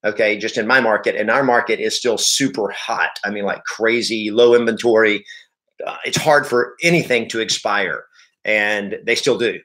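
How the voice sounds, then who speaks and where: A man leading a live sales training session, energetic and emphatic, repeating key points and speaking straight to his audience. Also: lowish voice, normal speed. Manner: addresses the audience directly. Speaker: real estate sales coach.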